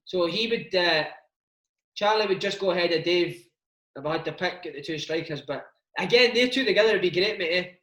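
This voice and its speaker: A Scottish former footballer in his thirties, appearing as an interview guest, tells stories in casual chat, swearing freely and calling the listener mate. His voice sits high and moves fairly quickly, with a bright, forceful tone. The recording has a roomy echo.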